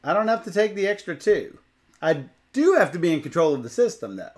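Playful man with a lively voice. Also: on the high side, fairly quick. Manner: teasing, playful, thinks aloud. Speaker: co-host and fellow player. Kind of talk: casual livestream chat while playing.

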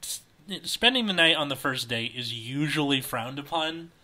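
Bright, animated man on a comedy podcast. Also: fairly high pitch, moderate pace. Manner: animated, wry, laughs easily. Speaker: co-host reading a fan story.

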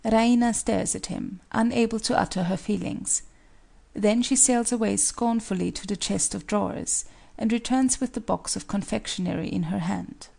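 Woman reading stage directions, gravelly voice, calm and even. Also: mid-range voice, moderate pace. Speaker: narrator.

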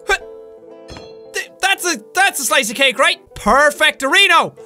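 Irish gamer guy yelling and cursing at a tea game, super high pitched and bright. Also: animated, moderate pace, faint music behind. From Ireland. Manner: loud, frantic, swearing and yelling at the game. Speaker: gaming YouTuber. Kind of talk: gameplay commentary.

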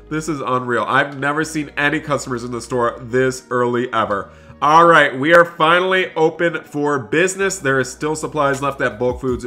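A man hosting a gaming roleplay video as a store cashier, excitable, switching between chatting with viewers and scolding customers. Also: mid-range voice.

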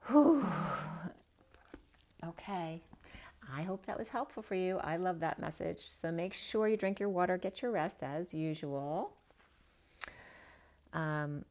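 Gentle woman reading tarot, low voice. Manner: gentle, reads oracle card text aloud. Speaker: tarot reader.

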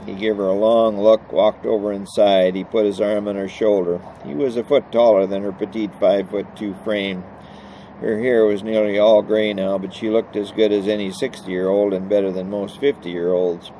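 A man narrating a novel as an audiobook, with a steady, plain storytelling delivery. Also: lowish voice, normal speed, a little hiss or hum, rough recording. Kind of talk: novel reading.

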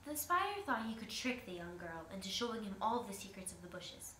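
A woman's voice: medium pitch, sing-song, fairly quick, bright, forceful tone. A woman student telling a folk tale aloud to her class, restarting and stumbling now and then. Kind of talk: storytelling to a class. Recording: echoey room, faint hiss.

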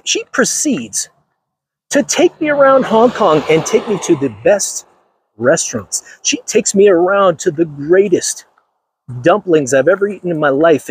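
A man's voice: on the high side, slightly rough. A man hosting a livestream, ranting emphatically to his viewers and repeating himself for effect. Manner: emphatic, repetitive, addresses viewers directly. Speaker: channel host.

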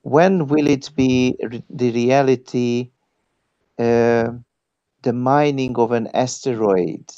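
Slow-speaking male moderator. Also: mid-range voice, steady tone, mellow, no room sound, dull audio. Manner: slow and measured, with fillers. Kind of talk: online roundtable moderation. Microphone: video call.

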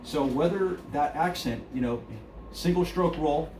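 A man's voice: fairly high pitch, unhurried. A middle-aged man giving a casual drum lesson, talking loosely with many fillers and counting beats aloud. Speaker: drum instructor. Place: drum studio. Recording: echoey room, distant mic, noisy.

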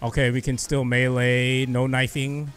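A young man giving excited live commentary over his own gameplay, shouting and cheering when he gets kills. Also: medium pitch, unhurried, clear, resonant tone, faint music behind. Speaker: gaming youtuber.

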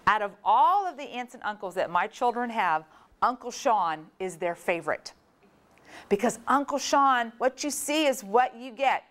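A woman from Florida giving a storytelling talk, animated and acting out the voices of people in her story. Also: fairly high pitch, normal speed. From Florida, USA. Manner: animated, acts out quoted voices. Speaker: speaker.

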